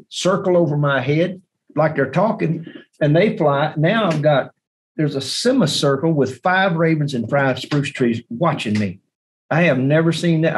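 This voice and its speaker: A man who is a bowhunter, telling a hunting story as a podcast guest, animated and repeating words as he goes. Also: medium pitch, a little hiss or hum, rough recording. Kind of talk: hunting story told in an interview.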